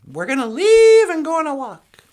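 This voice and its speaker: A woman voicing a carefree, bossy papa bear in a told fairy tale, speaking loudly and offhandedly. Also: high voice, sing-song, moderate pace.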